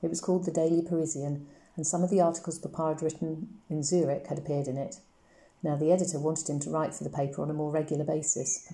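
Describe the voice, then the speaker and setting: A woman reading a chapter of a children's novel aloud in a calm, measured storybook narration. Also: low-pitched. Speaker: audiobook reader.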